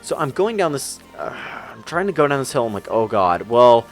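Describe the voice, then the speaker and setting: A young man telling a story over gameplay commentary, rambling and excitable, talking fast. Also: medium pitch. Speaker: gaming YouTuber. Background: faint music.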